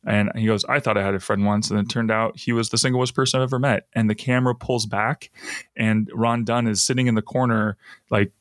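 A man's voice: on the low side, steady tone, fairly quick, no echo, clean studio sound. A man hosting a podcast, casually recapping a TV episode and laughing often as he retells scenes. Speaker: podcast host.

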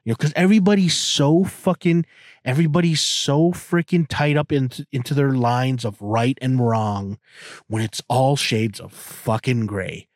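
A man's voice: medium pitch, a little slow, darkish tone, no echo, clean studio sound. A man in his thirties hosting a podcast, talking in a crude, profane, rambling way with many restarts. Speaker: podcast host. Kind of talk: casual podcast monologue.

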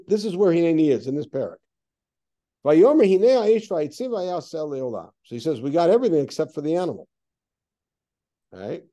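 A man teaching a text study class, his pitch rising and falling a great deal as he reads verses and asks his students questions. His voice is mellow and dark, with a slightly higher pitch than most men. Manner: lively, questioning, reads Hebrew verses then explains.

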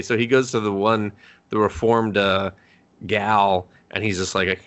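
A man's voice: lowish voice, moderate pace, slight background noise. A man co-hosting a podcast, casually retelling an anime plot with lots of swearing and acted-out lines. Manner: animated retelling, acting out characters' lines; swears freely. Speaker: podcast co-host. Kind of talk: casual anime review chat.

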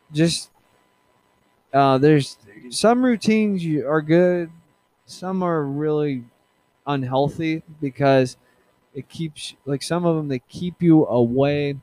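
A man hosting a casual solo podcast, rambling with many fillers, restarts and halting pauses. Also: a little high, darkish tone. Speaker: podcast host.

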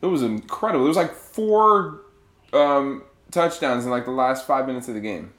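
A man hosting a casual sports podcast, quick and animated, laughing often. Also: medium pitch, reverberant. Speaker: podcast host.

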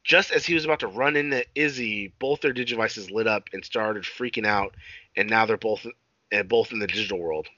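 A man's voice: fairly low pitch, fairly quick, sharp tone, no room sound. A man in casual podcast chat, recapping a cartoon episode in a profane, rambling way full of filler sounds. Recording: dull lo-fi recording.

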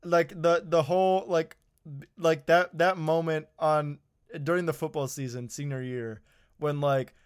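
Hesitant young man, slightly high voice. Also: steady tone, a little slow, clear, resonant tone. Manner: hesitant, restarts often, says "like" and "bro". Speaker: podcast co-host. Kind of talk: casual chat.

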